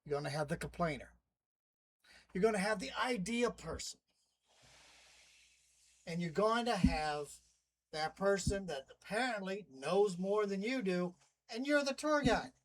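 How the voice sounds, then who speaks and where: A man's voice: sits high, lively intonation, unhurried, long pauses, low-quality recording. A man talking casually to camera in a wry, rambling monologue, styling himself a demon host. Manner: chatty, wry, rambling asides. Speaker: vlogger playing a demon narrator.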